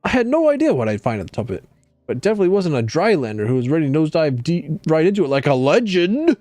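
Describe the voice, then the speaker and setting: A man voicing an excitable young male fish-person, eager and exclamatory, reading game dialogue aloud. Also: fairly high pitch, racing, no room sound. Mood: storytelling.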